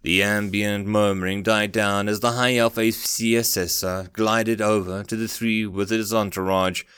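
A man narrating a fantasy story aloud, expressive in his storytelling. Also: on the low side, unhurried, smooth, no room sound, clean studio sound.

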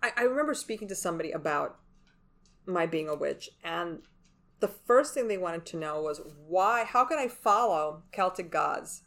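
A woman co-hosting a casual podcast conversation. She talks emphatically, and her voice leaps up in pitch when she makes a point. She sounds animated and opinionated. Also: moderate pace. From Latin American heritage. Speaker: podcast co-host. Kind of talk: casual chat.

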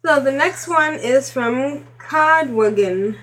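Woman, casual podcast co-host, giggly, unhurried, slight background noise. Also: sits high, a bit bright. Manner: giggly, reads emails aloud with asides. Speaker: podcast co-host reading listener emails. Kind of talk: casual chat.

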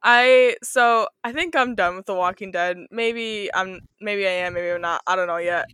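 A woman's voice: medium pitch, moderate pace, fairly bright tone, clear, resonant tone, no echo. A woman co-hosting a movie podcast, chatting casually, laughing often, blunt in her opinions. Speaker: podcast co-host. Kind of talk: casual chat.

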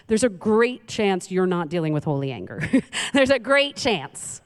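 A woman's voice: mid-range voice, expressive, brisk. A woman from Queens, preaching a humorous sermon as a guest speaker with chatty, self-deprecating storytelling. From Queens, New York. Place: church sanctuary. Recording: long hall reverb.

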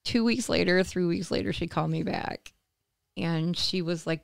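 A woman from the United States, an interview guest telling a personal story in conversation, animated and acting out what others said. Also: fairly low pitch, normal speed, creaky, clean tone, dry recording, studio quality. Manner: animated, acts out quoted voices, laughs between phrases.

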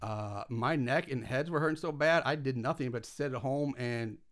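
A man's voice: mid-range voice, moderate pace. A man casually recapping a film's plot on a podcast, acting out the characters' lines as he goes, with lots of "like". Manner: animated storytelling, acts out characters' lines, lots of "like". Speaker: podcast co-host recapping a film. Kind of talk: casual movie recap chat.

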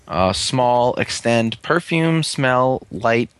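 A man's voice: medium pitch, expressive, extremely slow, clean tone, dry recording. A man hosting a casual chat, reading through a long list with offhand jokes. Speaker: host. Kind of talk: casual toy-review chat.

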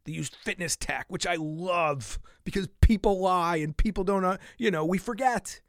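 A man with a slightly higher voice hosts a fitness podcast, reading a study aloud and breaking it down in plain talk. He is animated and stops to repeat the lines that matter. The sound is dry and close. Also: normal speed, no room sound. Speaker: podcast host. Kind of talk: casual explainer reading from a study.

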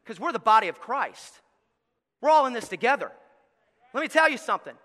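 A man preaching a sermon as pastor, telling the story with acted-out voices, going from quiet asides to loud shouts. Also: very high voice, very animated, a little fast. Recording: long hall reverb.

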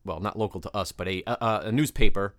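A man's voice: fairly low pitch, fairly quick, fairly bright tone, no echo. A man co-hosting a podcast, telling things in a rambling, hesitant way with many fillers. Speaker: podcast co-host. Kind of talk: casual chat.

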